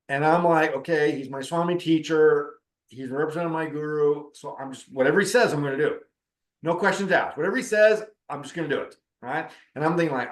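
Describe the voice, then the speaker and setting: Middle-aged guy, slightly high voice, chatty spiritual storytelling, acts out the dialogue, roomy echo. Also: a little fast. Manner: conversational, acts out quoted dialogue. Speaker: spiritual teacher and counselor. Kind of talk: storytelling talk on spiritual practice.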